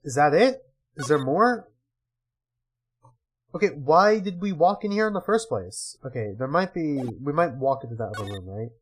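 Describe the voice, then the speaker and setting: A man's voice: fairly high pitch, animated, moderate pace. A man casually reading game dialogue aloud with wry asides while playing. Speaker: let's-player.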